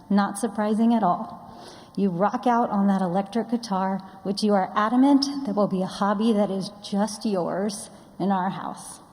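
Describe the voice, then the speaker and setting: A woman in her forties, a mother reading a prepared tribute to her daughter in a proud, affectionate, deliberate way. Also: mid-range voice, warm tone. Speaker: parent giving a speech. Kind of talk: read tribute speech. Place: large sanctuary. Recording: long reverb of a large hall.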